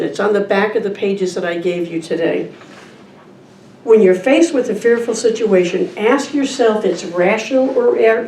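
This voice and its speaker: With a warm, mid-range voice, a guest speaker at a church service gives an informal sermon built around reading a picture book aloud. She talks conversationally and asks the audience questions. The sound is echoey, from a distant mic, with faint ambience and slight background noise.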